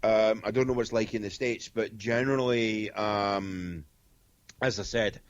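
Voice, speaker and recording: A man's voice: fairly low pitch, fairly even intonation, a little slow. Blunt Scottish man, lo-fi sound. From Scotland. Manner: blunt, rambling with many fillers. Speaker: guest medium. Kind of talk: casual interview chat.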